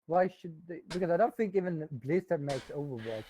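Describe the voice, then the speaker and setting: A man's voice: fairly high pitch, animated, brisk, background noise. A man co-hosting a live stream, chatting casually about games, hesitant and restarting phrases while pushing back on points. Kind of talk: casual gaming chat. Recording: dull, dry lo-fi mic.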